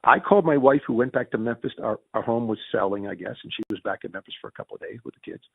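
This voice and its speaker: A middle-aged man telling a story casually in an interview, animated and jumping in pitch when excited. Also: rapid-fire, creaky, husky, dry recording. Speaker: interview guest. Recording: tinny phone-like sound.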